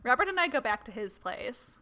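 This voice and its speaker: Bright animated woman gamer. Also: on the high side, a little fast. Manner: animated, laughing often, switching between reading and reacting. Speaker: gamer playing a dating sim. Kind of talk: let's play commentary and reading aloud.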